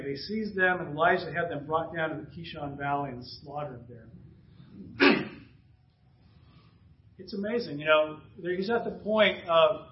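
A man preaching a sermon and reading scripture aloud, clearing his throat often and dropping casual asides between passages. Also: on the high side, a little slow, long pauses, reverberant, muffled recording. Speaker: pastor. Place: church sanctuary.

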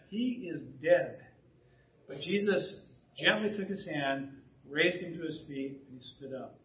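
Male pastor, high voice, conversational sermon with throat clearing, dull echoey church sound. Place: church sanctuary. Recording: distant roomy church recording, dull sound.

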